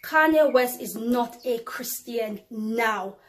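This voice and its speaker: A woman tells of a vision as a preacher, talking straight to her viewers. Her storytelling swings between emphatic, louder phrases and quiet asides. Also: fairly high pitch, slow pace. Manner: addresses viewers as brothers and sisters, ladies and gentlemen; storytelling with emphatic rises and drops in loudness. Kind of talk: testimony to viewers.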